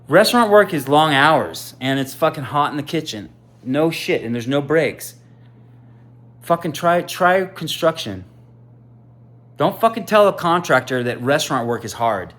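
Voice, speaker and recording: A man in his fifties, a contractor, swearing constantly in a personal rant to camera, swinging from loud outbursts to quiet musing. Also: a little high, sing-song, normal speed. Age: 50s. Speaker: contractor and aspiring sandwich maker.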